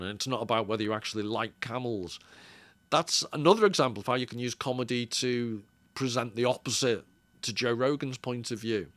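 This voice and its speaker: A man giving thoughtful, unscripted commentary as a video essayist, pausing to correct and qualify himself as he goes. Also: mid-range voice, fairly bright tone, no room sound. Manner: thoughtful, measured, hedging with self-corrections.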